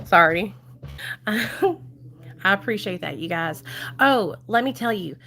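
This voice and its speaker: A woman's voice: mid-range voice, lively intonation, slow, pushed and bright. A woman in her thirties with a Southern US accent, chatting casually and affectionately on a live stream from home, laughing often.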